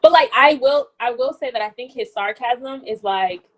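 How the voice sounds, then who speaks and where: Brief: young woman podcast co-host, higher pitch, animated, chatty recap banter. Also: moderate pace. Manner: chatty, animated, laughs often, lots of "like". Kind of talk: casual reality-TV recap chat.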